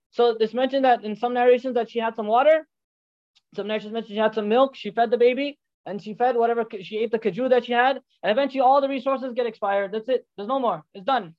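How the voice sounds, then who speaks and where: Fast-talking preacher telling a story. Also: mid-range voice. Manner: checks in with listeners with "right?" and "okay?"; weaves short Arabic phrases into the telling. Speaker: religious teacher. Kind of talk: storytelling sermon. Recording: dull lo-fi recording.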